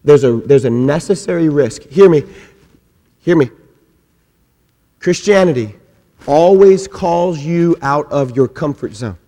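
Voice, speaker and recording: Man, pastor, sermon, high-pitched, dramatic loud and hushed swings, long hall reverb. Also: lively intonation, measured pace, pauses often. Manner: acts out quoted voices, humorous asides.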